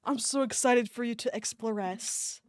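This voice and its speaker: A woman's voice: on the high side, moderate pace, no echo. A woman streamer reading fan fiction aloud on a live stream, often breaking off to laugh and react to her chat, with a desk microphone.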